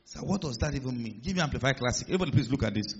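A male pastor preaching a sermon in a large church hall, emphatic and building to loud declarations. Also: mid-range voice, lively intonation, very fast, a little hiss or hum. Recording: muffled sound with long hall reverb.

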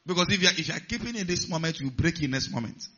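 A man's voice: on the high side, animated, rapid-fire, pushed and bright. A male pastor preaching a sermon, stressing key words and putting questions to the congregation. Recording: slightly muffled recording.

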